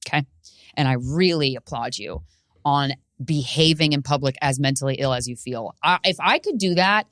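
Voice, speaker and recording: Low-voiced woman doing a comic monologue. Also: no echo, studio quality. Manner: profane, rambling, animated with sudden shouted bits. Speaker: podcast host and stand-up comedian. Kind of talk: solo comedic monologue.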